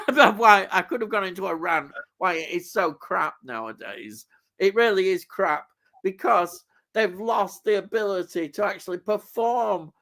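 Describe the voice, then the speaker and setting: A man hosting a livestream, chatting casually and slowly thinking aloud, with frequent fillers and a mild rant. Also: high-pitched, lively intonation, vocal fry, fairly bright tone. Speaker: livestream host. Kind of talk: casual chat.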